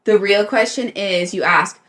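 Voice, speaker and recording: A woman's voice: mid-range voice, unhurried, fairly bright tone. A woman co-hosting a podcast in casual chat. She is wry and skeptical, and keeps steering the talk back on track. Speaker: podcast co-host.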